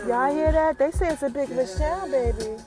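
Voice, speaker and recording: High-voiced woman hosting a chatty recap. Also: a little fast, over loud music. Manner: animated storyteller, talks straight to listeners. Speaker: podcast host.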